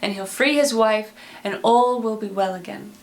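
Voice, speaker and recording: A woman's voice: medium pitch, normal speed, natural voice. A woman doing Paulina, a bold scolding noblewoman. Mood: determined. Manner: forceful, scolding. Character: bold outspoken loyal noblewoman.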